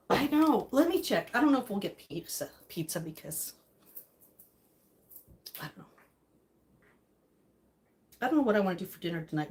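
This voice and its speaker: A middle-aged woman chats casually on a live stream, reading viewer comments aloud and reacting with emotion and ready laughter. Her voice is medium-pitched.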